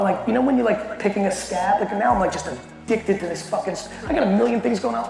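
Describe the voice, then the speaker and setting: Profane, animated male speaker, gravelly. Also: high voice. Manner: profane, animated, fast storyteller. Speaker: keynote speaker. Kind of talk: storytelling talk to a company audience. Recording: echoey hall with long reverb, faint music.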